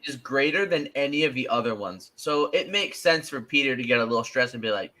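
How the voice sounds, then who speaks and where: A man co-hosting a casual podcast chat, excitable and quick to act out his reactions with big jumps in his voice. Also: medium pitch. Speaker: podcast co-host.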